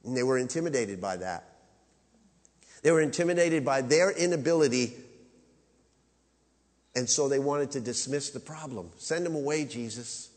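A man preaching a sermon with emphasis, rising to loud high peaks and dropping to quiet low asides. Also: animated, moderate pace, long pauses. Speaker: pastor. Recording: long reverb of a large hall.

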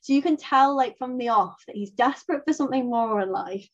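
A young woman talks casually on a film podcast, animated and full of little fillers. Her voice sits a touch high. The audio is slightly muffled and lo-fi. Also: brisk. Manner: chatty, animated, laughs often, many fillers. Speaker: podcast co-host. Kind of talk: casual chat.

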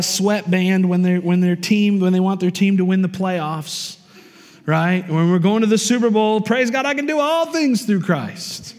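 High-voiced preacher in an echoing hall. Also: male voice. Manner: emphatic preacher with call-and-response asides. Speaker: pastor. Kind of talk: sermon. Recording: long reverb of a hall.

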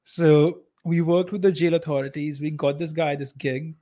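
Co-hosting a relaxed podcast, a man with an Indian accent speaks at a moderate pace in a higher voice with fairly even intonation. His manner is blunt and opinionated, and his volume is inconsistent.

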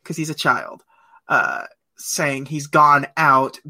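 A man's voice: fairly high pitch, lively intonation, takes it slowly, sharp tone. A man co-hosting a podcast, chatting casually about a film, rambling with many fillers and frequent laughter. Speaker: podcast co-host.

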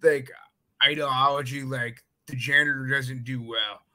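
A man with a very bright, forward voice chats casually. He hedges and fills his sentences with "like" and "I mean". His delivery is loose and conversational. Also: medium pitch, steady tone, measured pace, poor audio. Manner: chatty, hedging, many fillers. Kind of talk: casual chat.

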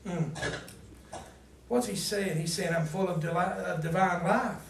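Male preacher, high voice, quizzing the congregation, loud then hushed, distant mic, faint noise. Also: measured pace, gravelly, echoey room. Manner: asks the congregation to fill in words; swings from loud emphasis to low, quiet asides. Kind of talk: sermon with scripture reading.

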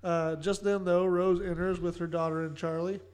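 A man's voice: sits high, flat delivery, moderate pace, a little mellow. A man co-hosting a casual podcast, recapping an episode with dry, joking asides. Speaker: podcast co-host.

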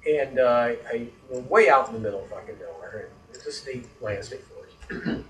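A man telling a story in casual chat, animated, swearing freely and laughing as he goes. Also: mid-range voice, normal speed, roomy sound, a little hiss or hum. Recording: voice distant from the mic.

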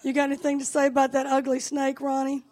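A woman's voice: sits high, monotone, quick pace, a little mellow. A woman pastor giving a sermon in an encouraging, conversational way.

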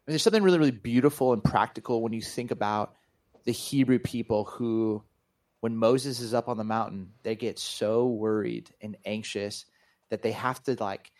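A man's voice: on the low side, normal speed, a little mellow. A man who is a pastor and author, talking earnestly and reflectively as an interview guest. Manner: earnest, reflective, speaks in spiritual terms. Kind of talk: reflective conversation.

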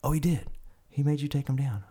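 A man voicing a blunt, fearless army lieutenant colonel who gives brisk orders, raised above his own pitch. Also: warm tone, slightly rough, lightly acted. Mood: commanding.

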